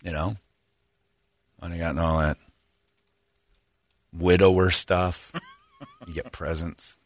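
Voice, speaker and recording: A man's voice: deep voice, flat delivery, slow, no room sound. A man hosting a radio morning show, telling darkly funny stories in sardonic, casual studio banter. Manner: sardonic storyteller with dark humor.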